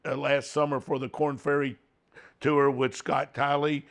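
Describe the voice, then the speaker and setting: A man's voice: mid-range voice, level tone, measured pace. A man hosting a podcast, telling an anecdote with enthusiasm in a casual way. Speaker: podcast host. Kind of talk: casual storytelling.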